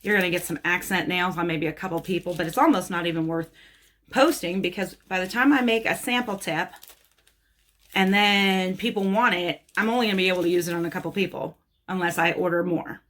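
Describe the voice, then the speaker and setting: A woman's voice: fairly low pitch, fairly even intonation, brisk, fairly bright tone. Chatty blunt woman nail tech. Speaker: nail technician. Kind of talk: casual product haul talk.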